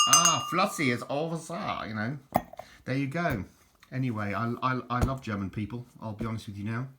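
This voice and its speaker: A middle-aged man, chatting in a jokey, rambling way while he shows things around his home kitchen on a handheld camera. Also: medium pitch. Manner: chatty, jokey, self-interrupting. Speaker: vlogger. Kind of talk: casual rambling home vlog. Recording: home video with background noise.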